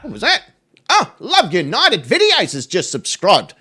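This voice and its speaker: High, lively stream host. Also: male voice, a little slow, breathy edge. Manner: sweary, joking storyteller. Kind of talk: casual live stream chat.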